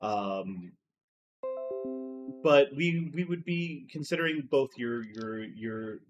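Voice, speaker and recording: A man's voice: medium pitch, expressive, slow, over music. A man voicing a nervous, sweating male company recruiter who stammers and keeps losing his train of thought. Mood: flustered.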